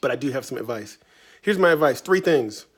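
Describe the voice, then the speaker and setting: A man's voice: medium pitch, animated, fairly quick. A man from Virginia answering reader questions in a casual, playful, chatty way from his writing studio. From Tidewater Virginia, US. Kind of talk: casual video Q&A.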